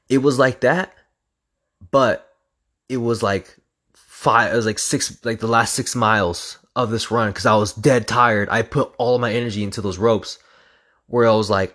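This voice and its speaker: A young man telling a casual, profane story, acting out the sounds with lively energy. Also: mid-range voice, a little slow. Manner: animated, profane, acts out sounds.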